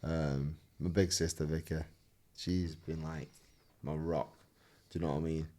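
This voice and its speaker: A man's voice: a bass voice, steady tone, a little slow, mellow. A man, a fighter talking casually and earnestly on a podcast, swearing freely and repeating himself. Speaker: fighter guest.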